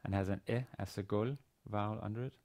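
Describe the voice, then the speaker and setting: A man lecturing on a language lesson, speaking haltingly with many fillers and restarts. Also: fairly low pitch, fairly even intonation, darkish tone. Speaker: university lecturer.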